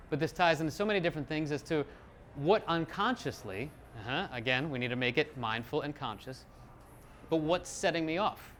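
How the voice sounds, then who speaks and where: A middle-aged man giving a live talk as a psychologist, lively and self-deprecating, acting out little quotes. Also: on the high side, a little hiss or hum.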